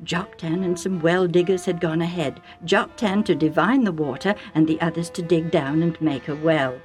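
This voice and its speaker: A woman reads a storybook aloud for children in a low-pitched voice. She tells the story in a chatty, warm way and often turns to the listener with little asides, over faint background music.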